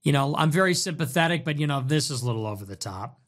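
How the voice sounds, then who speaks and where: A man hosting a livestream, reacting to chat messages in a sarcastic, mocking way with quick swings in tone. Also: on the high side, animated. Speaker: livestream host.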